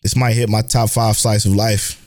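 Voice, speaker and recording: Excitable man gushing in casual chat. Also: lowish voice, normal speed. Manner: animated, excitable, swears freely. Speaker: anime podcast co-host.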